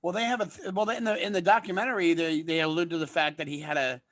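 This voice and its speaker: A man with a high voice chats casually with fellow comedians. He tells his stories in an animated way, pushing each point along. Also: quick pace. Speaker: comedian on a podcast panel. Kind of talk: casual chat.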